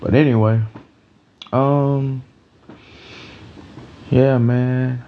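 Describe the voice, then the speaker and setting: A man's voice: mid-range voice, little pitch movement, very slow, narrow, tinny audio, slight background noise. A tired man hosting a rambling, loose, profane sports talk show, with many restarts. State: a little tired. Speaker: sports podcast host.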